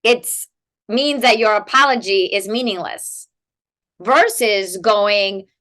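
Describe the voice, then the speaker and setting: A woman guest expert explaining in a conversational interview, animated and peppered with "like" and "right?" tags. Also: mid-range voice, slow pace. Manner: animated, rhetorical "right?" tags, many "like" fillers. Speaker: guest expert in family coaching.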